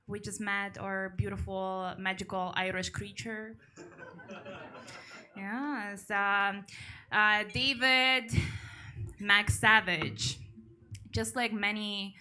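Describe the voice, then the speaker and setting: A woman's voice: medium pitch, sharp tone. A woman with a Ukrainian accent hosting a comedy show on a club stage, dry in her delivery and pushing the crowd for applause. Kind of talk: stand-up hosting.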